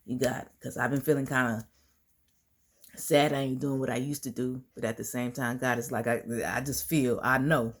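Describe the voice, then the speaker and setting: Lady vlogger with a deep low voice, chatty and laughing, talks like she's with friends. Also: steady tone, normal speed. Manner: chatty storytelling, laughs often, slangy. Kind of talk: casual monologue to viewers.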